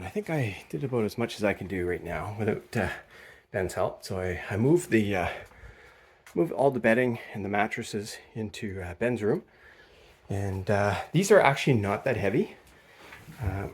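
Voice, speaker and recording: A man's voice: lowish voice, slightly rough. A middle-aged man chatting casually as he films around his cottage, rambling easily with lots of fillers. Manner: rambling, relaxed, many fillers. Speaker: cottage vlogger. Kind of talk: casual vlog chat. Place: cottage, indoors and outdoors.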